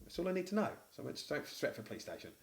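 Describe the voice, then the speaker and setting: Man, Mancunian accent, tattoo shop owner, casual podcast chat, quick talker, blunt, animated, swears freely. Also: a little high. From Manchester, England.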